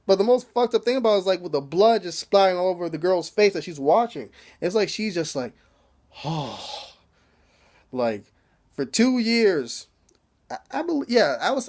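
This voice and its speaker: Male YouTube reviewer, slightly high voice, loose and slangy, chuckles through his recap. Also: darkish tone. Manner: laughs often, slangy, rambling. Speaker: TV episode reviewer. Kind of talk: casual recap with profanity.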